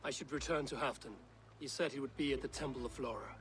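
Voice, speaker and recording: An actor voicing a fierce male viking warrior in a video game, steady and commanding. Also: mid-range voice, quick pace, close to an everyday voice.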